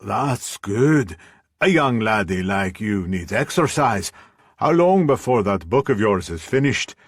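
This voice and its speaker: A man's voice: lowish voice, big pitch swings, measured pace, husky, no echo, studio quality, full character voice. Male narrator voicing an older Scottish pub landlady, homely and chatty, audiobook. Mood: friendly. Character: older Scottish woman pub owner, bustling.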